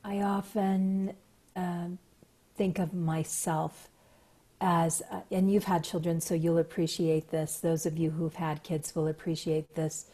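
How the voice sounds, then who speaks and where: Woman host, husky voice, fairly low pitch, measured and thoughtful with pauses. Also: flat delivery, dark tone. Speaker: podcast host. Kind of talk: conversational interview talk.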